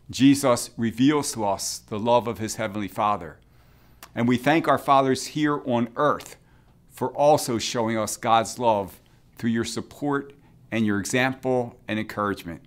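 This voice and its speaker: Man, bishop, short sermon reflection, gentle measured pastoral tone, soft phrase ends. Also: mid-range voice.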